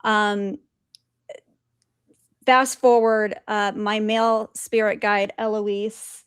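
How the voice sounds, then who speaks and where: A woman guest telling her spiritual experiences in an animated way, laughing often and acting out quotes. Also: mid-range voice, slow pace, smooth, no room sound, studio quality. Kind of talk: storytelling in conversation.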